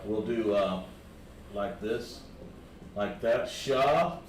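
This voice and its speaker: A Hebrew lettering teacher with a Southern American accent walks his class through a lettering lesson one patient step at a time. His voice sits on the low side and moves very slowly. The room is echoey, with noise in the background.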